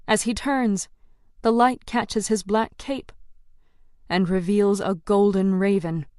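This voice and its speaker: A woman's voice: mid-range voice, steady tone, slow pace, darkish tone, dry recording, clean studio sound. A woman narrating a first-person audiobook in a tense, dramatic storytelling manner.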